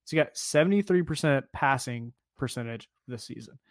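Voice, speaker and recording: A man's voice: mid-range voice, expressive, brisk, no room sound, studio quality. A man co-hosting a casual sports podcast, talking in a loose, easygoing way full of "like" and "kinda.". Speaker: podcast co-host.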